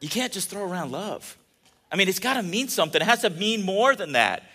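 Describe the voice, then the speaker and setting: A man's voice: sits high, sing-song, a little fast, sharp tone, husky, some chatter behind. A man preaching a casual, joking sermon, telling stories and often restarting his sentences. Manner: chatty and joking, with many restarts. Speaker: pastor.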